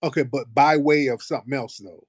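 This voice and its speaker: American man, casual host, profane teasing banter, mid-pitched, dry close sound. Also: steady tone, brisk, no echo. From United States. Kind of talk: casual live-stream chat.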